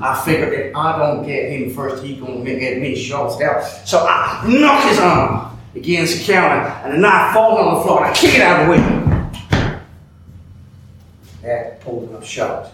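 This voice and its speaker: An actor playing an older, bigoted night-shift cook who tells a rambling, folksy story in a drawl, captured on an echoey stage from afar. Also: male voice, fairly high pitch, big pitch swings, normal speed, distant mic, background noise. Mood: heated. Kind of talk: theatrical monologue.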